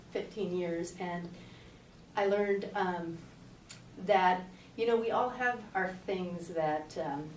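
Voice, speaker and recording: A middle-aged woman, a fitness coach, giving a lively motivational talk to an audience and telling her own story. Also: on the low side, a little hiss or hum. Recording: roomy, distant audience-talk recording.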